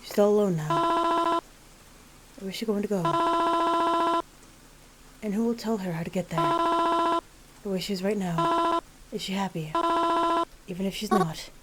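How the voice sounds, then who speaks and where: A woman voicing a grieving middle-aged mother at her daughter's funeral, speaking in a soft, drawn-out, tremulous way. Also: medium pitch, very animated, background noise.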